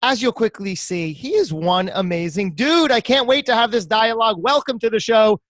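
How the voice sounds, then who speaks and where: High-voiced enthusiastic male podcast host. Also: expressive, normal speed, a bit bright, no echo, clean studio sound. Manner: enthusiastic, effusive. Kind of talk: interview hosting.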